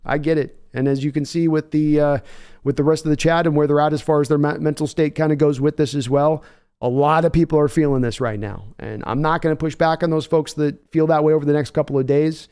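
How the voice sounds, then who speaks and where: A man's voice: on the high side, steady tone, fast talker, a little mellow, smooth. A young man hosting a live reaction stream, reading out viewer donations in a rambling, self-deprecating way with frequent laughs. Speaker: livestream host.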